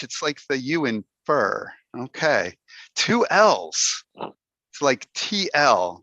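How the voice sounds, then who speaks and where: A man's voice: a little high, pushed and bright, no room sound. A man giving a playful, humorous talk to a Toastmasters club over a video call, putting on mock dismay as he goes. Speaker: Toastmasters speaker. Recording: dull, dry video call audio.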